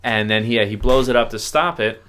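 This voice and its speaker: A man's voice: medium pitch, brisk, a bit bright. A man co-hosting a pop culture podcast, summarizing TV episodes in a rambling casual way. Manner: rambling summaries full of fillers. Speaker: podcast co-host. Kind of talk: casual chat.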